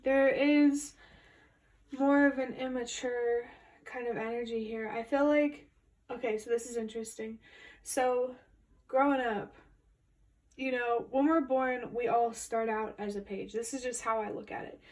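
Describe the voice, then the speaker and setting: A woman with a fairly high voice talks through a tarot reading in a flat, even tone. She muses aloud in a meandering, intuitive way, and her voice sits a little back from the microphone. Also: unhurried. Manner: musing, meandering intuitive commentary. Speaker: tarot reader. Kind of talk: casual spoken tarot reading. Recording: voice a bit distant from the mic.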